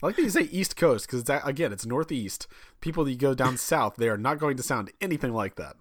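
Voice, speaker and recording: A man's voice: medium pitch, lively intonation, fast talker. A man co-hosting a podcast who talks in a wry, explanatory way in casual conversation. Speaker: podcast co-host.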